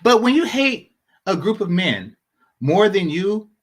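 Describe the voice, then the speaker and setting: A man's voice: sits high, sing-song, measured pace. A man hosting a commentary channel, talking casually and sarcastically, repeating his points for emphasis.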